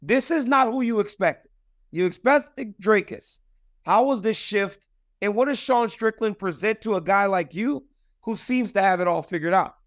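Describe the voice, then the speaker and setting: Man, forties, high-pitched voice, friendly emphatic interviewer, dry close sound. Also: normal speed, dry recording. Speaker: interviewer and fight analyst. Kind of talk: casual interview.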